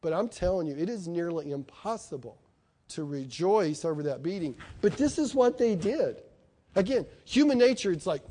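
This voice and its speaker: A middle-aged man preaches a sermon in an emphatic, conversational way, frequently putting questions to his congregation. His voice is mellow and rather high, with lively intonation at a normal pace.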